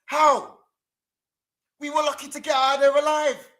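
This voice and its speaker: A man's voice: extremely high pitch, monotone, normal speed, bright, forceful tone, low-quality recording. A young man with a London accent, ranting furiously to camera as a fan-channel presenter, swearing and full of street slang. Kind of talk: angry fan rant to camera. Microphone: camera mic.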